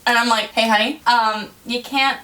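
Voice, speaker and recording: A woman's voice: a little high, fairly even intonation, moderate pace, sharp tone, far from the mic. Young woman telling server stories. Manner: swearing, storytelling with laughs. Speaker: podcast co-host. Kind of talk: casual chat.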